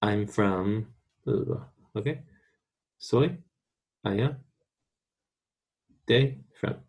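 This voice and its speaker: An American man teaches a recorded online Spanish lesson, patiently repeating words slowly so students can practice. His voice is on the low side with a darkish tone.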